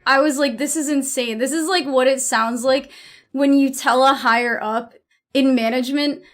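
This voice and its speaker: A woman's voice: high-pitched, steady tone, normal speed, a bit bright. A young woman from the US East Coast chatting casually to her stream viewers, blunt and profane, rambling and restarting her sentences. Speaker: livestreamer.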